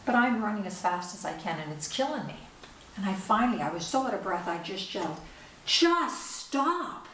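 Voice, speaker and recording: A woman's voice: medium pitch, animated, quick pace. An older woman, an author, giving a talk and telling a personal story, acting out the dialogue vividly. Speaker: author and speaker. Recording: echoey room, distant mic, faint hiss.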